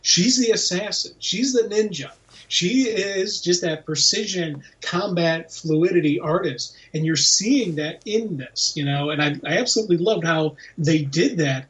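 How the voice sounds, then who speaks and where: A man's voice: a little high, a little slow, recorded from a distance, dull audio. A man co-hosting a comics podcast, speaking animatedly and filling his talk with "you know". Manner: animated, acts out voices when retelling scenes. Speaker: podcast co-host. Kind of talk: casual chat.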